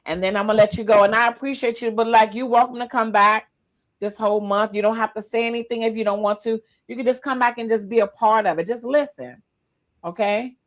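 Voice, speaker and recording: A woman hosting a casual livestream podcast, lively and emotional, teary-eyed as she talks. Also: on the high side, a little fast. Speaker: podcast host.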